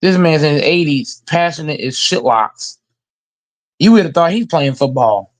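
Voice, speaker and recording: A man's voice: a little high, animated, normal speed. A man hosting a casual sports reaction show, ranting emphatically and with heavy profanity. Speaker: host reacting to football news.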